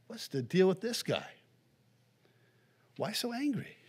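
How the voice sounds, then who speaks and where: A man preaching a sermon as pastor, animated, dropping to hushed asides and rising to loud outbursts as he acts out the story. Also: high-pitched, slow, long pauses, husky. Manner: animated preaching, voicing the angry older brother in bursts; swings between hushed asides and loud exclamations.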